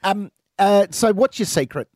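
A man's voice: sits high, lively intonation, moderate pace, darkish tone, no echo, studio quality. An Australian man co-hosting breakfast radio, cheery and easygoing as he runs a quiz. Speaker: radio co-host.

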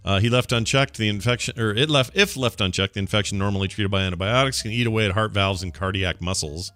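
A man's voice: on the low side, fast talker, bright, forceful tone. A man co-hosting a casual podcast, reading offbeat news stories aloud in a laid-back way with small stumbles. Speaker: podcast co-host.

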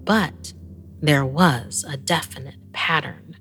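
A woman narrating a first-person horror story in a measured, hushed storytelling manner, sometimes sinking almost to a whisper. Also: faint music behind. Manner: slow, low and gravelly, dropping to hushed whispers.

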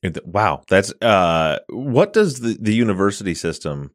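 A man in his forties with an American accent co-hosts a podcast, joking and playfully sarcastic. His voice is very low. The sound is dry and close, with no room around it. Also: sing-song, a little slow, dry recording. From United States. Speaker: podcast co-host. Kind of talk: casual interview chat.

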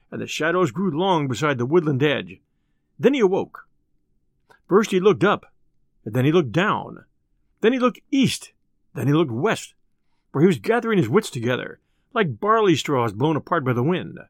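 A man reading a classic tale aloud as an audiobook, in an expressive, lilting way. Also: fairly high pitch, moderate pace, no room sound, studio quality. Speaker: storyteller.

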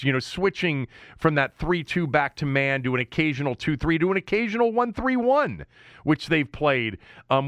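A man co-hosting sports talk radio, ranting with a lively voice that swings up and down. He mocks and scoffs as he argues his point. The sound is close and dry, with no room echo. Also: medium pitch. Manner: animated, mocking, ranting.

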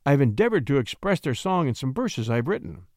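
A man's voice: medium pitch, big pitch swings, fast, a little mellow, no room sound, studio quality. A man voicing an earnest young shepherd poet who speaks with respectful ardor.

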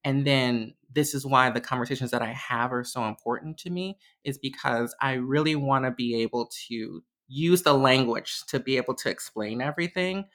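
A woman's voice: normal speed, hardly any pauses, fairly bright tone. A young adult woman, a podcast guest and diversity educator, telling stories casually and animatedly, laughing often between phrases. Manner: acts out quotes in a much higher voice. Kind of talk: casual conversational storytelling.

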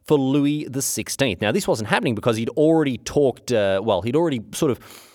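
A man's voice: medium pitch, animated, fairly quick, a little mellow, no echo, studio quality. A man retelling history as a chatty, slangy story, full of asides and filler words. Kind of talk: casual storytelling.

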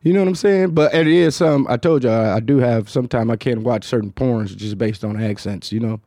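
A man with a Detroit accent hosting a casual podcast, talking in a low, mumbled, rambling way with lots of fillers and swearing. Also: brisk, dark tone, dry recording, studio quality. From Detroit, United States. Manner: low-toned, mumbled, hard-to-follow delivery; loose, profane, rambling with many fillers. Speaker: podcast host. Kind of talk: casual chat.

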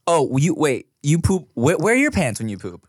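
A man in his thirties chatting on a podcast, his pitch leaping up and down as he acts out little scenes. He curses freely and talks with loose, excited energy. The sound is dry and close. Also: normal speed, no room sound. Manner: animated storyteller, swearing, acts out voices. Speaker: podcast co-host. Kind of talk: casual chat.

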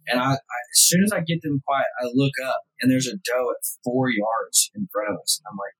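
A man's voice: mid-range voice, a little fast, fairly bright tone, husky, poor audio. A man in his thirties hosting a podcast, talking enthusiastically with lots of "dude" and "bro". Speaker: podcast host. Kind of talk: casual chat.

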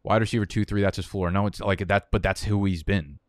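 A man's voice: on the low side, fairly even intonation, fairly quick, dry recording, studio quality. A young man streaming live, rambling through fantasy football draft picks in profane, heated rants. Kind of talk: casual live-stream commentary while drafting.

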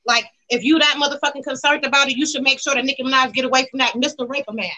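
A high, bright-voiced woman with tears into celebrities. She is brash and crude, firing off insults and swear words. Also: fairly even intonation, racing, poor audio. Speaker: caller on a celebrity gossip show. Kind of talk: profane celebrity gossip rant.

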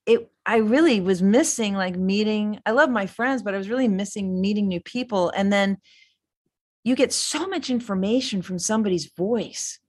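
A woman's voice: medium pitch, normal speed. A middle-aged woman guest in a casual interview, rambling enthusiastically with many fillers and restarts. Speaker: filmmaker guest.

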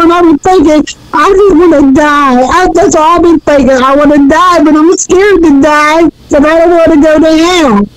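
A woman's voice: high-pitched, background noise. A woman in her sixties calling in, crying as she talks and repeating her thanks over and over. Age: 60s. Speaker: caller. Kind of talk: emotional phone-in call.

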